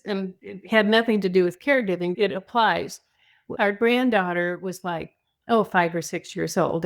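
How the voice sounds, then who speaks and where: An older woman, a podcast guest, chatting about caregiving and telling lively stories with voiced quotes. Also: medium pitch. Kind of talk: conversational storytelling.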